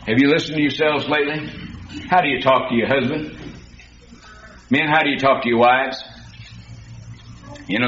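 A man's voice: a little high, sharp tone, slight background noise. A man preaching a sermon in a folksy, storytelling way that rises to emphatic peaks. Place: church hall. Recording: dull, echoey hall recording.

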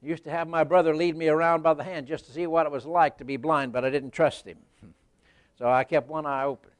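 A male preacher giving a sermon in a folksy storytelling way, talking right to the congregation and rising to loud emphasis. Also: fairly high pitch, fairly even intonation, fairly quick, no room sound.

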